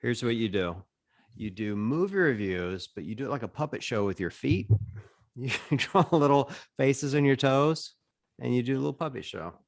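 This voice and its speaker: A man co-host jokes in casual podcast chat, dry but playful. His pitch moves around a lot, giving the voice a lively bounce. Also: normal speed, no room sound.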